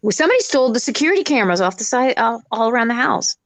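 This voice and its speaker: A woman telling a story in a casual chat, animated and acting out sounds as she goes. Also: on the high side, very fast, no echo.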